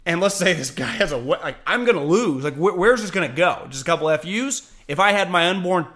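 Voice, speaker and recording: A man co-hosting a podcast, telling casual stories in an animated way with plenty of swearing. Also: high-pitched, fairly quick. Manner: animated storytelling with profanity. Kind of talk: casual chat.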